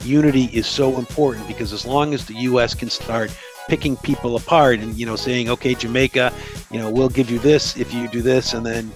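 Male guest, earnest explainer, mid-range voice, faint background music. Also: mid-range voice. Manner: earnest, explanatory, many restarts. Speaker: guest, human rights advocate. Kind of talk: podcast interview conversation.

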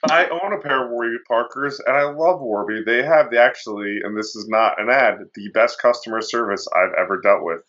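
A man's voice: mid-range voice, a little fast, few pauses, a bit bright. A man co-hosting a podcast in casual chat, rambling with lots of fillers. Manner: rambling storyteller, many fillers like "like". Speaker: podcast co-host. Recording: dull lo-fi sound.

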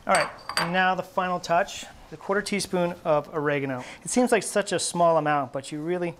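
A man working as a test cook, giving a steady, step-by-step cooking demonstration in a test kitchen studio. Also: high-pitched, fairly quick, noisy background. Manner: steady, instructive, explaining each step.

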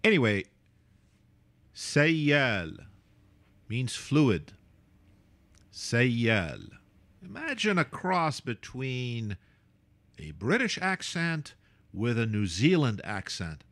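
Playful male teacher, slow and lively, dry close sound. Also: no room sound. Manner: playful, self-mocking, lively pitch. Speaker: Arabic calligraphy teacher. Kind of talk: relaxed teaching with asides.

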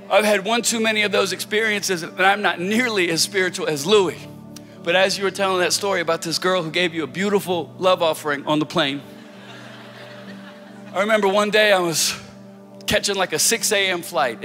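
A man preaching a sermon as a pastor, telling stories casually, then building to loud, fervent prayer. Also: fairly high pitch. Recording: music and long hall reverb.

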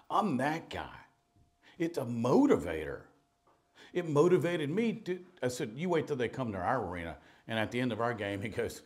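Brief: middle-aged man, pastor, lively storytelling sermon, pitch leaps around, drops to near-whispers. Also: normal speed. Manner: animated, jumps between loud and hushed, laughs at own stories.

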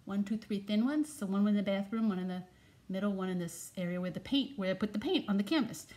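A woman's voice: mid-range voice, quick pace, a little mellow. A woman in a comedic character monologue, chatty and digressive, losing her train of thought and talking in tough slang.

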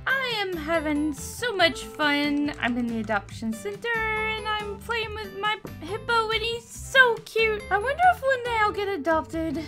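A woman voicing an excited little orphan girl in a game role-play, gushing and repeating her exclamations. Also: very high-pitched, measured pace, hardly any pauses, full character voice. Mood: wistful. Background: background music.

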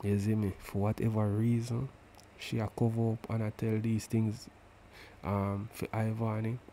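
A man's voice: fairly low pitch, little pitch movement, a little slow, warm tone, slight background noise. A man commenting on a live stream in broken, patois-tinged English, mocking the people he plays clips of.

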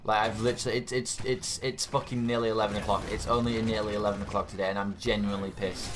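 Man, exasperated, swearing, gameplay commentary, soft background music. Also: on the low side, flat delivery, fast talker. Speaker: gaming YouTuber.

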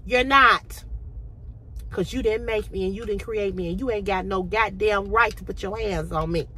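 A middle-aged woman vlogging to her phone camera, blunt and profane, with a throat tickle, going from low talk to impassioned near-shouting. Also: fairly even intonation, fairly quick, slight background noise. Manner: preachy, rising to impassioned shouting.

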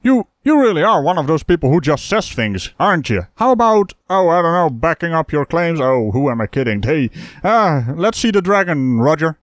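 A male host tears into a video in sarcastic commentary, chuckling scornfully as he goes. His voice sits a little high and swings widely in pitch. The sound is dry and close. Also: very animated, normal speed, dry recording.

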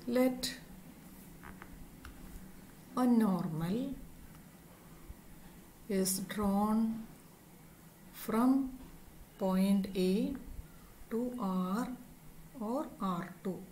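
Slow, deliberate woman teaching physics. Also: mid-range voice, dark tone, slight background noise, poor audio. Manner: deliberate, spells out each term and symbol. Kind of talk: slow, step-by-step lecture.

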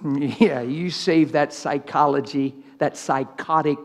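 Middle-aged guy preaching in a church, kinda high voice, blunt and jokey. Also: fairly even intonation, slow, big-room sound. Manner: plain-spoken, teasing, laughs with the crowd. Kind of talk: live sermon.

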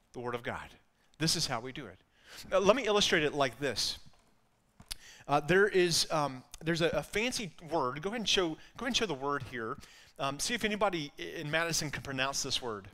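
A man's voice: on the high side, lively intonation, a little fast, pushed and bright. A man with an Alabama accent preaching a sermon in an earnest way, often repeating words as he builds a point. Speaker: pastor.

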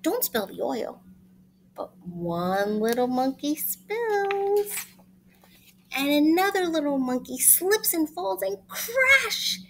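Female storyteller, children's read-aloud, bright high voice with big swings in pitch. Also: slow pace, a little hiss or hum. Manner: expressive, sing-song, speaks to young listeners. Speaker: storyteller reading a picture book to children.

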